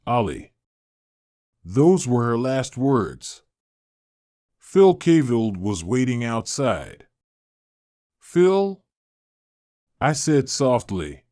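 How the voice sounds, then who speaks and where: A male narrator reads a graded story at a slow, deliberate pace, letting his pitch rise and fall expressively. The sound is dry and close, with no room around it. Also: darkish tone, dry recording. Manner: slow, clear, carefully paced delivery. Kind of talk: slow scripted story reading for English learners.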